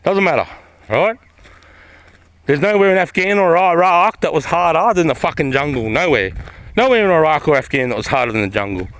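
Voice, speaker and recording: A man's voice: fairly high pitch, animated, a little fast, fairly bright tone, no room sound. A middle-aged man with an Australian accent, a former soldier vlogging in a blunt, swearing, emphatic way and repeating his points. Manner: profane, emphatic, repetitive. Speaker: army veteran vlogger. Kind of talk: casual vlog talk.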